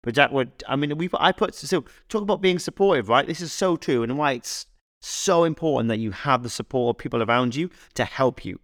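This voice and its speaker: Animated, rambling male fitness coach. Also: mid-range voice, fairly quick, no room sound, studio quality. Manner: animated, rambling, anecdotal, frequent restarts. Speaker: fitness coach and podcast co-host. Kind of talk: casual podcast chat.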